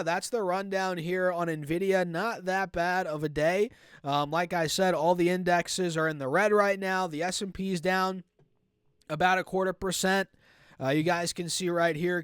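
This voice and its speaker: A man's voice: sits high, fairly bright tone, clear, resonant tone, dry recording, clean studio sound. A young man giving casual stock chart commentary for his channel, talking straight to his viewers, with a slight cold and a voice that cracks now and then. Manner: casual, repeats "right?" and "man", speaks to "guys". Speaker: stock market YouTuber.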